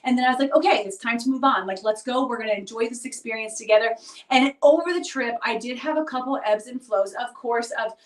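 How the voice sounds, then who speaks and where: A woman's voice: a little high, fast talker. A woman in her thirties speaking in a reflective personal monologue, earnest and confiding, often checking in with "right?". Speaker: vlogger. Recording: roomy echo, distant mic.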